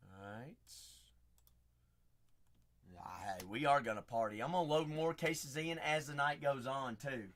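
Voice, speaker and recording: A man's voice: medium pitch, unhurried, long pauses. A man hosting a live card break stream, chatty and hyping up his viewers. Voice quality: raspy. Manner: chatty, hypes up viewers, shouts out names.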